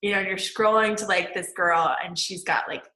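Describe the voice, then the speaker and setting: A woman's voice: mid-range voice, normal speed, bright, forceful tone, roomy sound, low-quality recording. A woman manifesting coach giving a casual online lecture, chatty and full of "like". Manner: chatty, peppered with "like" and laughs.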